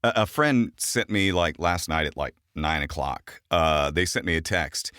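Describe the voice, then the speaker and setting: Southern male podcast co-host, playful and folksy, slightly low voice. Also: unhurried, pushed and bright, smooth, no room sound, studio quality. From Arkansas, USA. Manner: playful, jokey, slips into folksy sayings. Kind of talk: casual chat.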